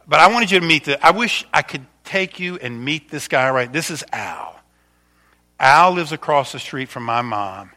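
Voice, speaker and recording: Bright-voiced pastor telling stories. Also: male voice, on the high side. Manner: chatty, warm storytelling with frequent restarts. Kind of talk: casual sermon with slideshow.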